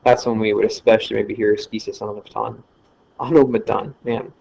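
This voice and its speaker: A man with a lowish, fairly flat voice talks a little fast, his tone gravelly yet slightly mellow. He's giving a casual screen-recorded lecture, speaking loosely with fillers and correcting himself along the way, and the lo-fi recording sounds slightly dull.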